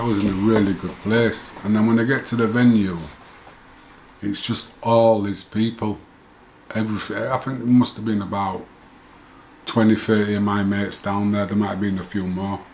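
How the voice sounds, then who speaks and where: A man's voice: lowish voice, slight background noise. A middle-aged man telling his own story in a rambling, self-correcting way, chuckling now and then. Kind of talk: casual first-person storytelling.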